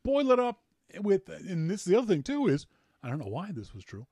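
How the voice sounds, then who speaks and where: A man hosting a tech podcast in casual chat, animated and rambling, with jokes and repeated words. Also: high voice, brisk, slightly rough, no room sound. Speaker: podcast host.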